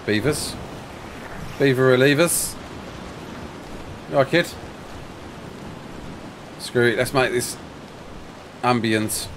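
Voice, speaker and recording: A man streaming a game, rambling casually to his chat and to himself with quick exclamations. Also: mid-range voice, a little hiss or hum. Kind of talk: casual live-stream chat while playing.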